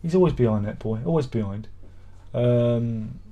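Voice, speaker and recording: A middle-aged man with a medium-pitched voice talks at normal speed on a lo-fi home live stream, reading viewer comments aloud. He drifts from thought to thought with a sardonic, grumbling edge and mock-exasperated asides.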